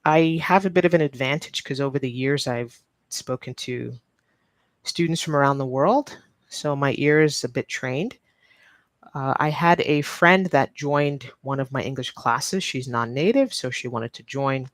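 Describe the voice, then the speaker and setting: A woman's voice: a bass voice, a little slow, no room sound. Woman, English teacher, live-stream lesson, patient, repeats points, dry close mic. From New York, United States.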